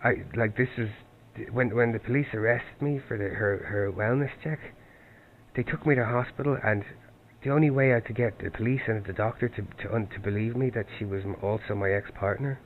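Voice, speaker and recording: A man with a fairly low voice talks haltingly, stumbling over words and starting sentences again and again. He comes through a thin, tinny phone line with a faint hiss behind him. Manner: halting, with many restarts and repeated words. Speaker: caller seeking help. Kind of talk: recounting events on a phone call.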